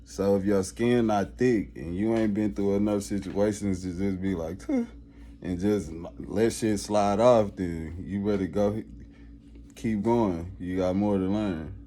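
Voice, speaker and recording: A man's voice: deep voice, unhurried, mellow, a little hiss or hum. Profane, emphatic man ranting casually. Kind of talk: casual rant.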